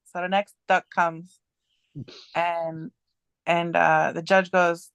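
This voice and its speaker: A woman's voice: lowish voice, little pitch movement, slow pace, clear, resonant tone, no echo. A woman as a podcast guest in casual chat, telling a rambling story with many restarts and fillers.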